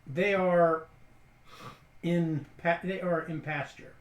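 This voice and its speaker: A man's voice: a little high, steady tone, slow, reverberant, voice pushed up. A man voicing a matter-of-fact scout owl. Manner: plain matter-of-fact reports.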